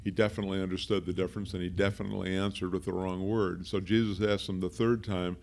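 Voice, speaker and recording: Low creaky-voiced man preaching. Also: flat delivery, fast talker, a little mellow. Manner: conversational, explains word meanings with asides. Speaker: pastor. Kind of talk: sermon.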